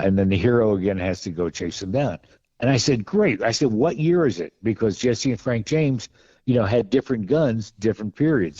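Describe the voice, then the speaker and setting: A man's voice: fairly low pitch, dark tone, no room sound, highs cut off. A man guesting on a podcast, telling rambling, wry stories about film work with many restarts. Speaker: podcast guest, film costume and gun expert. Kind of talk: casual anecdotal storytelling.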